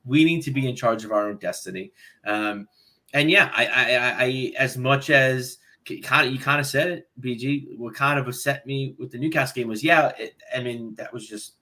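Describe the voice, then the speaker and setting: A man's voice: medium pitch, normal speed, bright, forceful tone. A man on a panel, talking football in a blunt, fired-up way and swearing freely. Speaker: podcast panelist. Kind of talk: casual football chat.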